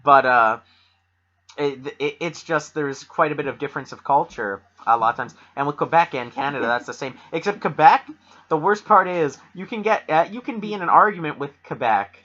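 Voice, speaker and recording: Bright-voiced rambling young man. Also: on the high side, lively intonation, normal speed, highs cut off. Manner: rambling, full of fillers and restarts, joking. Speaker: podcast co-host. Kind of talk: rambling casual chat.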